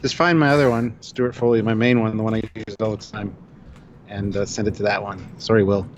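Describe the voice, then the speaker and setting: A man's voice: lowish voice, steady tone, brisk, lo-fi sound, slight background noise. A man co-hosting a casual livestream chat, easygoing as he reads out viewer comments and donations. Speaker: co-host reading viewer donations.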